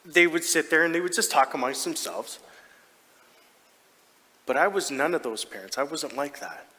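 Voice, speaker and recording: A man's voice: a little high, moderate pace. A man playing a proud, doting hockey dad in a comedic stage monologue, chatty and self-mocking. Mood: fond. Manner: chatty and self-mocking, with sudden excited outbursts. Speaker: stage actor. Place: large theatre stage. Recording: reverberant theatre hall.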